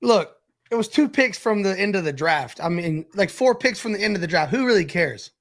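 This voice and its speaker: A man's voice: high-pitched, lively intonation, a little fast, creaky, fairly bright tone. A man guesting on a casual sports podcast, laid-back, with lots of "like" fillers. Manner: laid-back, shrugging, says "like" a lot.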